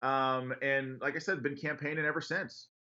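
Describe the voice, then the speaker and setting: Bright-voiced man on a dull line. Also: medium pitch, fairly even intonation. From western Pennsylvania. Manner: earnest, brisk, laughs easily while telling stories. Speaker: congressional candidate, guest. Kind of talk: radio interview, conversational storytelling.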